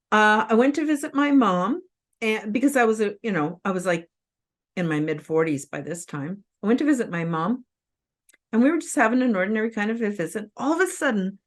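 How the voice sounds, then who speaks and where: A tearful woman in her fifties hosts her own show and tells a personal story straight to camera. She speaks earnestly and with open emotion, often pausing and restarting. Her voice sits in a middle pitch. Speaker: host.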